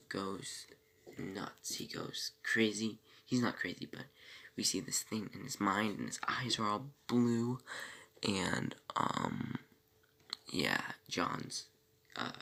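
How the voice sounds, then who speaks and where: A man talks through a TV episode recap in a bright, very gravelly voice whose pitch swings widely. He rambles, piles on fillers and self-corrections, and breaks off for small asides before picking the story back up. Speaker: TV episode reviewer.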